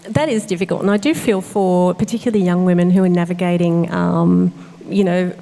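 A woman's voice: fairly low pitch, steady tone, fairly quick, creaky, mellow. Woman pastor in a reverberant hall. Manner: earnest and reflective, with frequent fillers and restarts. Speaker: associate pastor. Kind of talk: conversational interview.

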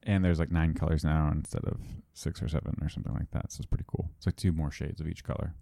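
A man hosting a casual podcast, relaxed and chatty, laughing easily. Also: rumbling low, fast, creaky, dry recording. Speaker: podcast host.

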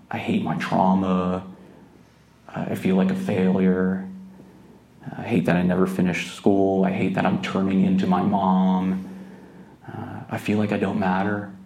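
A meditation teacher gives a casual dharma talk indoors in a retreat hall, telling stories gently and laughing along the way. His voice is fairly low and creaky, and the room sounds echoey.

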